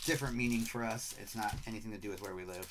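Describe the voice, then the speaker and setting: Amid heavy background noise, a middle-aged Michigan man with the local accent fires off rapid-fire patter on his live card-break stream, calling out player names. His voice is lowish, and he's from Michigan, USA.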